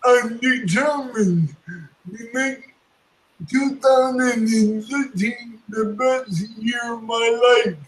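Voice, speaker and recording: A man joins a live stream over a video call, speaking in an unusually high voice. He talks very slowly and deliberately, stressing his words and going back over the same phrases. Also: reverberant, slight background noise, low-quality recording. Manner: slow, deliberate and emphatic, with a lot of repeating himself. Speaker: guest joining the live stream. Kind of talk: casual live-stream chat.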